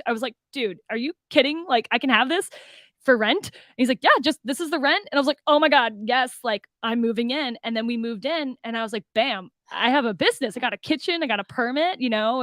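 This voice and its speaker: A young woman from Arizona telling her business story in an enthusiastic, animated way, acting out the dialogue and saying "like" a lot. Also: a little high, no room sound. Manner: enthusiastic, acts out dialogue, fillers like "like" and "oh my God". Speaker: guest, food business owner.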